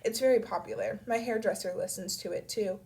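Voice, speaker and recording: A woman with a cold voicing a warm, chatty middle-aged mother who rambles effusively on a phone call. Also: mid-range voice, a little fast, creaky, natural voice. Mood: eager. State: has a cold.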